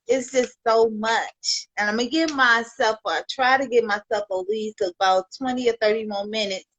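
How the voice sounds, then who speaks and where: Woman from Chicago, slow heartfelt livestream talk, muffled dry audio. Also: mid-range voice, no room sound. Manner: heartfelt, rambling, thanks viewers by name, many "you know"s. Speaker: livestream host. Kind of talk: emotional livestream talk to viewers.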